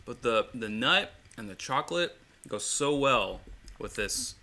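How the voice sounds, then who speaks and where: A man's voice: medium pitch, lively intonation, measured pace, bright, forceful tone. A man co-hosting a bourbon tasting show, joking around on a live stream and slipping into impressions. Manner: playful, jokey, slips into impressions. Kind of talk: casual live-stream chat.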